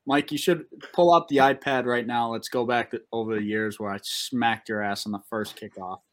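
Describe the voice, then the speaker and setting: A man's voice: medium pitch, fairly even intonation, moderate pace. A young man trading teasing, boastful banter in a casual interview.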